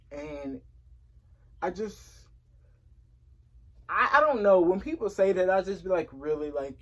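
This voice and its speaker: A woman's voice: fairly low pitch, rough recording. A woman talking candidly to camera, frustrated and repeating words for emphasis. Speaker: vlogger. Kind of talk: casual personal vlog talk.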